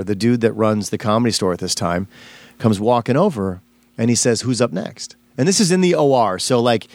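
A man's voice: medium pitch, no room sound. Rambling, emotional male comedian, dry close sound. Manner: rambling and emotional, heavy on fillers and restarts. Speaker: stand-up comedian guest. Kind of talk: casual storytelling in a podcast interview.

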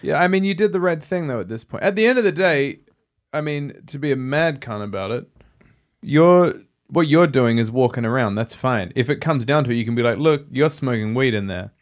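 A man's voice: mid-range voice, lively intonation, a little fast. A man in casual chat giving dry, joking reactions and advice.

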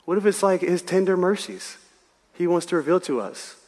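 A man delivers a sermon with lively, joking, conversational energy, his voice sitting a little high. Long reverb trails each phrase, as in a church hall. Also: normal speed. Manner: animated, conversational preaching with humor. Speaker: pastor.

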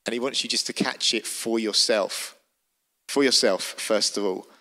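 A man's voice: on the low side, moderate pace, bright, forceful tone. A man preaching a sermon, telling the story vividly and with emphasis.

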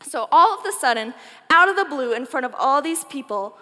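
Animated woman telling a Bible story. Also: high-pitched, fairly quick, big-room sound. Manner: animated, chatty, jokey. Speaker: youth speaker.

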